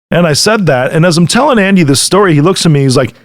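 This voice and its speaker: Talking fast with few pauses, this middle-aged man hosts a podcast and gives an earnest, animated motivational monologue aimed directly at the listener. His pitch is fairly high, and he keeps asking "right?" to check in.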